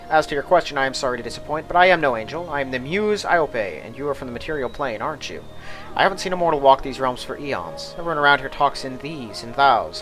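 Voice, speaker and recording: A man's voice: medium pitch, a bit bright, lightly acted. A man reading the lines of a chatty, frustrated female muse who slips into archaic speech. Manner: reads aloud in a plain voice, mock-archaic phrasing.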